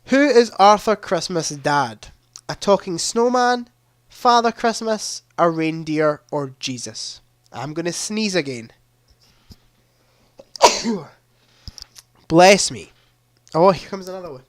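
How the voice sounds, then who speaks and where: A man's voice: high-pitched, lively intonation, slow, long pauses, no room sound, clean studio sound. A young man hosting a live-streamed quiz, chatting casually into a headset mic and reading questions aloud with a ready laugh. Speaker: livestream quiz host.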